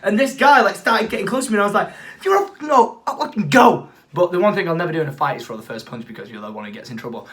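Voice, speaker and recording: A young man from England, telling a story in a casual vlog, animated and swearing freely. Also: a little high, very fast, hardly any pauses, slightly rough. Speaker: vlogger.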